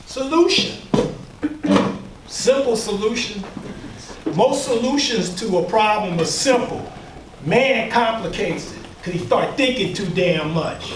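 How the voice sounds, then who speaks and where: A workshop leader and speaker with a high-pitched, animated voice lectures a live audience slowly, in an emphatic, preacher-like style with call-and-response and mocking asides. The room is echoey, the mic is far off, and there's background noise.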